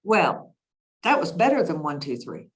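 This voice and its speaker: A woman's voice: sits low, sing-song, a little slow. A woman hosting a podcast interview, mostly listening and giving short affirmations. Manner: brief affirmations, mm-hmms. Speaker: podcast host.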